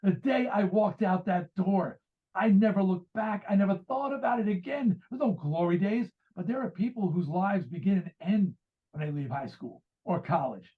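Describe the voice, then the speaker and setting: A man's voice: sits high, moderate pace. A man in his sixties from the United States, a guest author and musician, telling rambling stories and acting out quoted dialogue. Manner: rambling storyteller who acts out quoted dialogue. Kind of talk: casual interview conversation. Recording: tinny phone-like remote line.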